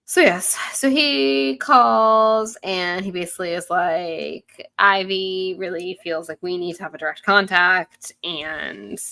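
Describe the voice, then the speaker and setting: A woman's voice: lowish voice, fairly even intonation, takes it slowly, gravelly, few pauses, pushed and bright. A woman co-hosting a podcast about a book, retelling the chapter casually and acting out the characters' lines. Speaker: podcast co-host. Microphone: headphones and studio mic.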